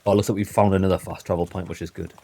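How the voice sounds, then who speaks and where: A man's voice: sits low, little pitch movement, racing, mellow, a little hiss or hum. A man giving chatty, joking commentary while he plays a video game for his channel. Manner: chatty, joking, addresses viewers as lads. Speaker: gaming channel host. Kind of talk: casual gameplay commentary.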